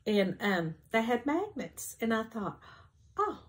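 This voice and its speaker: A woman's voice: a little high, animated, measured pace. Lady rambling about her cross-stitch at home, lots of ums, easygoing chat. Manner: chatty, rambling, many ums and restarts. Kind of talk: casual show-and-tell chat.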